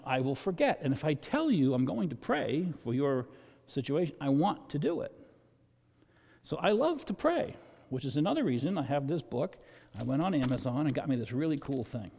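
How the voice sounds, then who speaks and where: A male pastor giving a conversational sermon, rising loud and high to drive points home. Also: vocal fry. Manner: conversational preaching, swells loud and high for emphasis. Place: church sanctuary. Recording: long reverb of a church hall.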